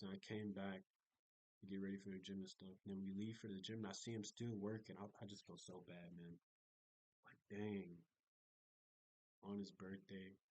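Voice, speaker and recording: A young man talks through his day in a loose, rambling video diary, piling up fillers and restarts as he goes. His voice sits a little low, and the sound is dry and close, with no room around it. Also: no room sound, poor audio. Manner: rambling, chatty storytelling with many fillers and restarts. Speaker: vlogger.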